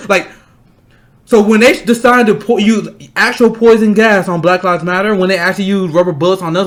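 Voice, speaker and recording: A young man hosting a political stream, angry and blunt, ranting fast and swearing often. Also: high voice, fairly bright tone. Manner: fast, repeating himself to stress points. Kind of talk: heated political commentary.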